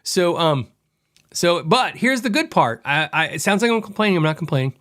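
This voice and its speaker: A middle-aged man with a fairly high-pitched voice hosts a podcast, telling a story in a loose, conversational way. He acts out the quoted lines of other people as he goes, keeping it animated and chatty. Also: moderate pace. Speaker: podcast host. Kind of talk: casual storytelling monologue.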